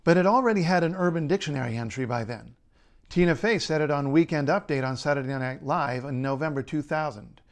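A man, a linguist, reading a scripted explainer in a measured, playful way. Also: a little high. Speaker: linguist and writer.

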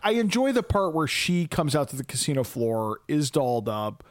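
A man with a slightly higher voice chatting on a movie podcast. He retells scenes with energy, slips into the characters' lines and laughs often. The sound is dry and close, with no room around it. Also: moderate pace, no echo. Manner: animated retelling, acts out quotes, laughs often. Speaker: podcast co-host. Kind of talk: casual movie review chat.

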